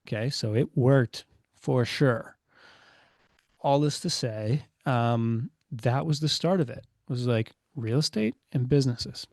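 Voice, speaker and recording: A mellow man in his thirties speaks at a medium pitch and an unhurried pace, recorded clean in a studio with no room sound. He's a business owner appearing as a podcast guest, casually telling stories in an interview, chatty and full of fillers, acting out quoted dialogue.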